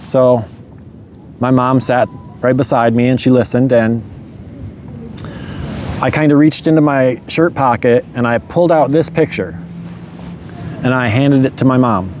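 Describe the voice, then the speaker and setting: A man's voice: mid-range voice, a little slow, pauses often, darkish tone, slight background noise. A man telling a personal story in a loose, rambling way, often saying "you know" and chuckling.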